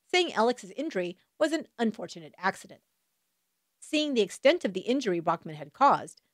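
Woman podcast host, true crime narration, animated delivery, dry close sound, drops in wry remarks. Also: medium pitch, no room sound. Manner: wry asides between dramatic retelling.

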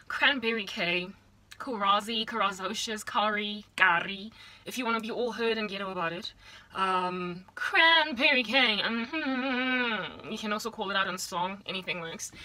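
A young woman from South Africa talking to camera in a casual vlog monologue, animated and chatty with slangy asides, recorded in a small room at home. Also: medium pitch, brisk, no echo, low-quality recording. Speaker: vlogger.

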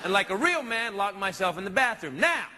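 A man's voice: sits high, sing-song, fairly quick, sharp tone. A man telling a self-mocking story in a stand-up comedy routine on a comedy club stage. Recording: reverberant live room with noise.

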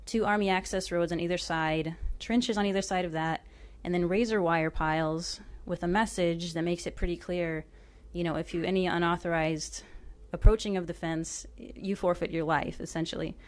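Woman from Oklahoma, author at a book talk, chatty and self-deprecating, lower-pitched. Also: fairly even intonation, moderate pace, few pauses. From Oklahoma, USA. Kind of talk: casual storytelling with book reading.

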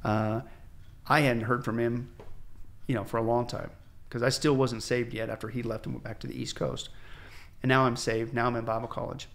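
A male pastor from the United States, guest on a podcast, telling his conversion story in an animated way, acting out the voices of people he quotes, with frequent restarts. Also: medium pitch, normal speed, vocal fry. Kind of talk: candid testimony storytelling. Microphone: podcast microphone.

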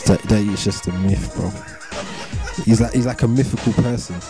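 A man's voice: lowish voice, normal speed. A young English man, a rapper, chatting casually in an interview with a London street accent and heavy slang, repeating himself in a laid-back way. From England. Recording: music playing under voice.

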